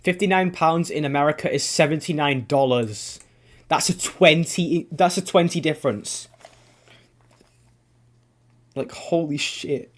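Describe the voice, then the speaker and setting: A man's voice: a little high, a little slow, pauses often. A man from England, chatting casually on a game stream, rambling, swearing offhandedly and restarting his sentences. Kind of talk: casual gaming stream chat.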